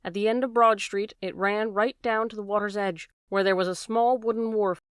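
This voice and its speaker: A woman narrating a classic detective story as an audiobook reader, steady and even. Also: mid-range voice, moderate pace, clear, resonant tone, no echo, clean studio sound. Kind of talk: scripted narration.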